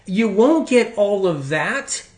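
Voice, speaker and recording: A man gives an informal health talk in a fairly high voice, hammering his points home by repeating them. He rambles a little and leans hard on emphasis. The room adds a noticeable echo. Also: very animated, takes it slowly. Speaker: health speaker.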